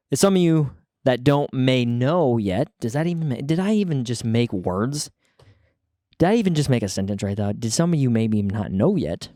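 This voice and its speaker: A man's voice: mid-range voice, darkish tone, no echo, studio quality. A young man hosting his own casual podcast, rambling and joking at himself, a little out of breath after the gym. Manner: rambling, self-deprecating, restarts mid-sentence. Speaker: podcast host. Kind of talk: casual solo podcast talk.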